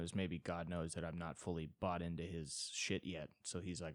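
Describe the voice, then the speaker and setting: A man's voice: low-pitched, normal speed, few pauses, a little mellow, dry recording, studio quality. A man doing a stand-up style solo podcast monologue, rambling and exasperated, with swearing riffs. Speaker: stand-up comedian and podcast host.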